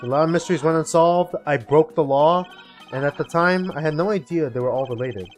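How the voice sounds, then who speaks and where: A man's voice: a little high, a little fast, faint music behind, lightly acted. A man voicing an earnest young male rookie attorney while reading game text aloud, with a raised, insistent delivery.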